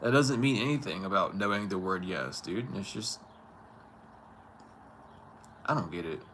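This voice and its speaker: Guy with a lowish voice ranting casually outside, chuckling, kinda incredulous, traffic noise behind him. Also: lively intonation, measured pace, fairly bright tone. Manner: incredulous, chuckling, talks back to an unheard other. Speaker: vlogger. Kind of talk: casual spoken monologue. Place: outdoors on a street.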